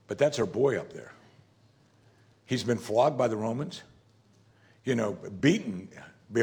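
A man's voice: mid-range voice, darkish tone. A man preaching a sermon as pastor, talking in a conversational, emphatic way and often saying "you see".

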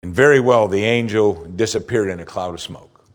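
Man preaching a sermon. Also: fairly low pitch. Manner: preaching, slow scripture reading with lively rises. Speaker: pastor.

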